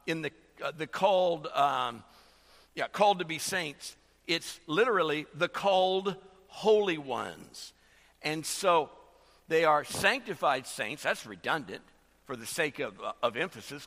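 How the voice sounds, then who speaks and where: Bright-voiced male preacher in a reverberant hall. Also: on the high side. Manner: halting, many fillers and restarts. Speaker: pastor. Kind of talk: sermon.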